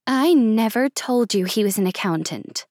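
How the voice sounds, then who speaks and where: A woman reading aloud and voicing a sharp, sarcastic young woman. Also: on the high side, animated, moderate pace, no room sound, studio quality. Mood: angry. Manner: tart and sarcastic.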